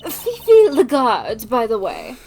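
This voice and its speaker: A woman's voice: a little high, huge pitch swings, slow, mellow, a little hiss or hum, exaggerated voice. A woman voicing a flamboyant, theatrical female prison warden with a drawling, affected manner. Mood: gracious. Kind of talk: reading a visual novel aloud.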